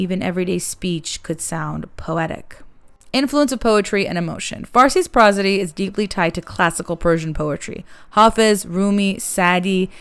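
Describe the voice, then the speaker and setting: A woman giving a calm, measured lesson as an accent coach, explaining sounds step by step. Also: lowish voice, clean tone.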